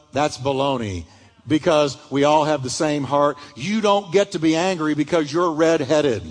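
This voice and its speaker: Male pastor preaching, storyteller who acts out voices, high and lively delivery, recorded in a reverberant sanctuary. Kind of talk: sermon.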